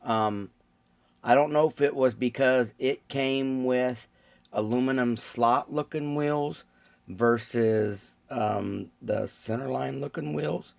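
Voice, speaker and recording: A man's voice: mid-range voice, takes it slowly, vocal fry, no echo. A man chatting casually with viewers while building model cars, rambling and laid-back with lots of ums. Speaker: model car builder streaming live. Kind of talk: casual live-stream chat.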